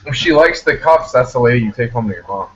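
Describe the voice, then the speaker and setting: A man's voice: medium pitch, animated, quick pace, husky, highs cut off. A man joking and teasing as a guest in a casual group video chat.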